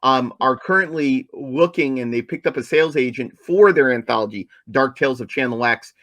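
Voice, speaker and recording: Man, podcast co-host, eager and repetitive for emphasis, mid-pitched voice, dry close sound. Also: fairly quick, a bit bright, no echo. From New Jersey, USA. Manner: enthusiastic, repeats points for emphasis. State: coughing, apologizes for it. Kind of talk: casual podcast chat.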